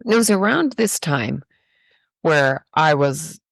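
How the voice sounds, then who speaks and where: Irish woman guest, heavy vocal fry, lively pitch, reflective storyteller, dry close sound. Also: slow pace, no echo. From Ireland. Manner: reflective and spiritual, with rhetorical "right?". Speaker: podcast guest. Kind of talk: personal storytelling.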